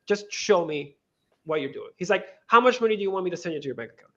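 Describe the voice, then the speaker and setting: A man, guest on an interview, telling a story in animated casual talk full of restarts and quoted dialogue. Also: high voice, fast, muffled recording. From Venezuela. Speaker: guest, crypto lending co-founder.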